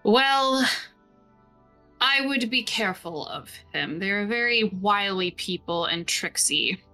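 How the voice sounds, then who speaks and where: A woman's voice: mid-range voice, expressive, takes it slowly, bright, forceful tone, soft background music, full character voice. A woman voicing a haughty, prejudiced nobleman who talks stiffly and with disdain. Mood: disdainful.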